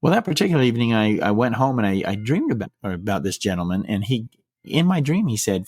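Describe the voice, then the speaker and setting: A man's voice: lowish voice, very animated, a little mellow, husky, dry recording, studio quality. A middle-aged man on a podcast, telling a personal story in a casual, earnest way and often restarting his sentences. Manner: earnest, halting, with frequent restarts.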